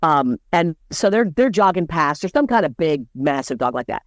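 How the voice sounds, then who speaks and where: A woman's voice: normal speed, no room sound, studio quality. A woman co-hosting a podcast, talking casually and telling stories with lots of animation. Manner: animated storyteller, lively swings in pitch. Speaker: podcast co-host. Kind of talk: casual conversation.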